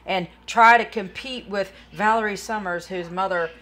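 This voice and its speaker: Casting note: tired woman, bright forceful voice, rambling live-stream chatter to viewers. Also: mid-range voice, normal speed. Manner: rambling, talks to chat viewers by name. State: tired, yawning. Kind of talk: casual live-stream chat.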